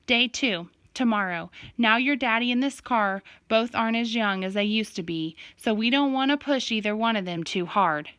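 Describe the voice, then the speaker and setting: A woman voicing a brisk, organized mother. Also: a little high, fairly bright tone, clear, resonant tone, dry recording, close to an everyday voice. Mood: planning. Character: organized mother reading out a trip plan.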